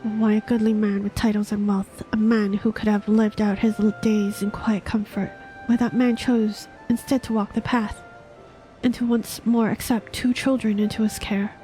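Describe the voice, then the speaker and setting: A woman's voice: medium pitch, flat delivery, moderate pace, dark tone, faint music behind, natural voice, low-quality recording. A woman voicing a solemn, regretful old male knight who mentors two young fighters. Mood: reflective.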